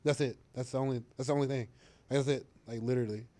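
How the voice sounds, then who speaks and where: A man's voice: mid-range voice, fairly even intonation, fast talker, dark tone. A young man, a football player, talking casually in an interview, rambling with fillers and restarts and laughing easily.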